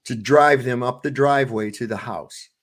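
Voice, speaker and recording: A middle-aged man with a medium-pitched voice co-hosts a casual podcast at a moderate pace. He tells stories bluntly, ranting and swearing as he goes.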